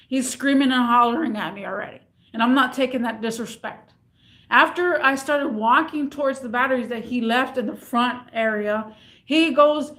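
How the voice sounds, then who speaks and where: A woman's voice: a little high, normal speed. A woman who works in retail telling a story in a casual vlog, rambling and repeating herself as she acts it out. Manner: rambling and repetitive, animated retelling. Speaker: retail worker.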